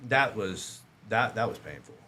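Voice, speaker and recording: Animated low-voiced man in his fifties telling stories. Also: measured pace, slight background noise. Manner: animated, self-mocking, acts out other people's lines. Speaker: podcast guest. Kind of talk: casual storytelling. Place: podcast studio.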